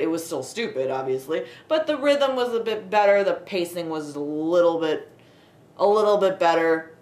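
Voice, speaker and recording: Sarcastic woman ranting in an echoey room. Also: on the low side. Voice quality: sarcastic, profane, laughs often. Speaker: video creator reviewing a film. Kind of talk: casual ranting film review. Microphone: home setup with a desk light.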